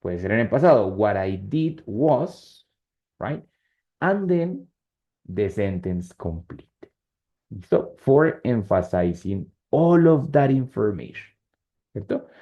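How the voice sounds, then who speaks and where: In an online class, a man whose first language is Spanish explains English grammar, switching between English and Spanish and checking in with students often. His voice is fairly low, very animated and measured in pace. The lo-fi recording sounds slightly dull.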